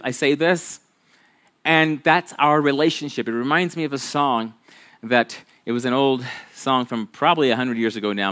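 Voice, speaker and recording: A man's voice: mid-range voice, fairly bright tone. A man, a pastor, preaching a sermon in a conversational, folksy storytelling manner with frequent restarts.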